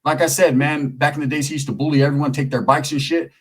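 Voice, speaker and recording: A middle-aged man from California spins a story in loose, profane street slang. His voice sits fairly high for a man and has a husky, rough edge. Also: fairly even intonation, fast talker, low-quality recording. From Merced area, California. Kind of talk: casual storytelling.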